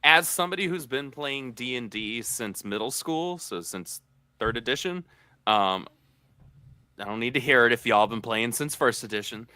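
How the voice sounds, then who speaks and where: A man co-hosting a pop culture podcast, talking at a measured pace about games he loves. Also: medium pitch, sharp tone, smooth, dry recording. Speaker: podcast co-host. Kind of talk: casual chat.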